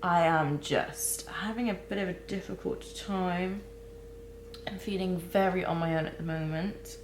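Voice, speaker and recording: A young woman recording a candid personal vlog, talking haltingly with many restarts and close to tears. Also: lowish voice, roomy sound, noisy background. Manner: halting, searching for words, many fillers and restarts. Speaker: vlogger.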